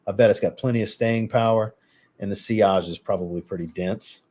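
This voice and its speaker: Casual male live-streamer, low-ish voice, easygoing and chatty, reacts to chat. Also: steady tone, brisk, a little mellow. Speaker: fragrance reviewer hosting a live stream.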